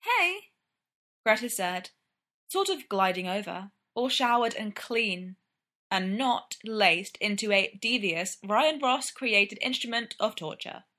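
Slow, bright-toned woman narrating fiction. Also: mid-range voice. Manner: measured, even storytelling.

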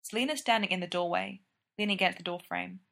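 A woman's voice: fairly low pitch, fast, creaky, a bit bright. Woman reading a story aloud. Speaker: narrator.

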